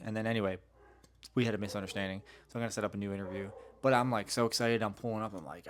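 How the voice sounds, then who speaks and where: A man's voice: lowish voice, fairly even intonation, racing, slight background noise. A man hosting a casual solo podcast, telling stories in a rambling, slangy way with frequent swearing. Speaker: podcast host.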